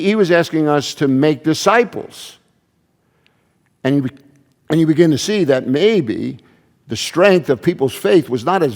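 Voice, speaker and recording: A male pastor preaches with a slightly raised voice in a conversational way, stumbling into restarts and asides as he goes. His words ring out with a long reverb through a church hall. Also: a little high. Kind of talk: sermon.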